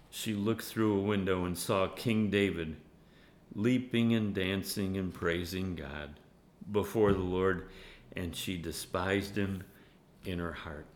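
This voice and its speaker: A male pastor with a low voice gives an animated sermon, chuckling often and speaking prayers softly. The room is echoey, with a faint hum behind him. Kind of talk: sermon with Bible study.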